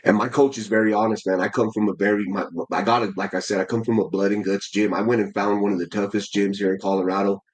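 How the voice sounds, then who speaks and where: A man's voice: fairly low pitch, little pitch movement, fast talker, few pauses, rough recording. A man in his forties telling his story in a casual interview, slangy and full of restarts, calling the host "bro" again and again. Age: 40s. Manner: slangy, keeps saying "bro", many restarts. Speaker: amateur heavyweight boxer, guest.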